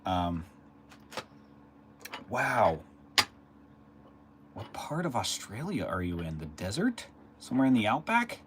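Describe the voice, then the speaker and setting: A man's voice: lowish voice, wildly swooping pitch, slow, pauses often, noisy background. A man casually chatting on a live stream. He rambles along and answers viewers' chat messages as they come in.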